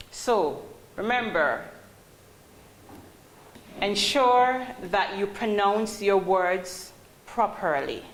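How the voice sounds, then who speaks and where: Slow, deliberate woman trainer. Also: mid-range voice, animated. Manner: calls on students, asks questions. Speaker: call-centre trainer. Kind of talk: classroom teaching. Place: training classroom. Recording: roomy classroom, faint hum.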